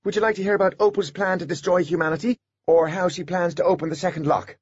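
A man's voice: sits high, fairly even intonation, quick pace, breathy edge, muffled recording, voice pushed up. A man voicing a precocious, pompous little boy genius who talks like a fussy know-it-all. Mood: smug.

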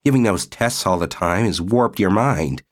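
A man's voice: deep voice, lively intonation, normal speed. A man voicing a grimy, tough male workman who talks in a level but firm voice.

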